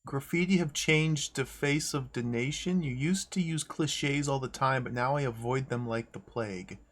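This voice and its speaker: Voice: medium pitch, moderate pace. A streamer giving casual let's-play commentary, reading the on-screen game text aloud with wry asides and frequent chuckles. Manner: chuckles often.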